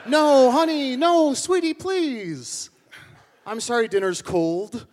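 A goofy, boastful tavern regular rambles in absurd tangents, as a man puts him on. His voice is very high and swoops about in lively turns. He delivers nonsense with a straight face. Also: takes it slowly, exaggerated voice. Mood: pleading. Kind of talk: live improv comedy.

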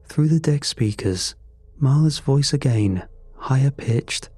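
A man narrating a first-person horror story in a measured, grim way. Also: mid-range voice, expressive, dark tone, husky, dry recording, clean studio sound.

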